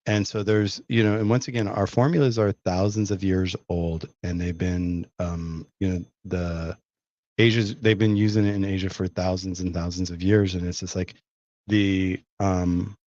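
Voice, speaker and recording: Chatty man with a low, dull-sounding voice. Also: flat delivery, moderate pace, darkish tone. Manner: chatty storyteller, answers viewer questions. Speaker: host of a live stream selling pet herbal products. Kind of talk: casual live-stream chat.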